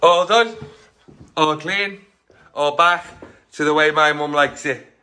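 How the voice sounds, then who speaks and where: A man's voice: a little high, slow pace, pushed and bright, clear, resonant tone. A man giving viewers an upbeat, slangy tour of a freshly done-up house. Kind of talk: casual vlog walkthrough. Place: house being renovated, then walking outdoors.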